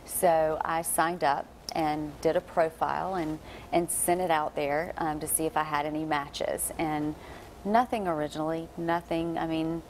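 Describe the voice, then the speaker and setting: Female interview guest, low pitch, earnest, faint noise behind. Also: steady tone, unhurried, low-quality recording. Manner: earnest, reflective storytelling. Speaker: talk show guest.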